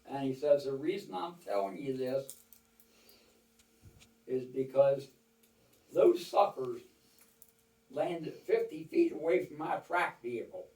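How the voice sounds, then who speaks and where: A man's voice: medium pitch, slow pace, long pauses, darkish tone. An older man telling rambling, folksy war stories to a small audience, quoting others at length. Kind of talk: casual storytelling to a small audience. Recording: roomy, from far off the mic.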